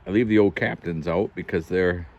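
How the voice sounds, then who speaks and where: A man's voice: low-pitched, moderate pace, a little mellow, highs cut off. A man chatting casually to his camera as a pipe-smoking vlogger, rambling easily with chuckles and self-corrections, the camera held in his hand. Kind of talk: casual fireside chat to camera. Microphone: handheld camera.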